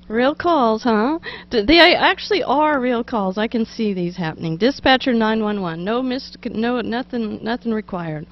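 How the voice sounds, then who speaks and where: Slow, giggly woman host. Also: a little high, expressive, muffled recording. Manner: chatty, giggly, with asides and restarts. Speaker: webcast show host. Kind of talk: casual reading of jokes and a poem.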